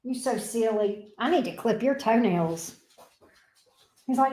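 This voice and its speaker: Chatty woman with a fairly high voice. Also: unhurried, warm tone. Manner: chatty and playful, with frequent fond asides. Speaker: tarot reader and channel host. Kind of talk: casual livestream chat.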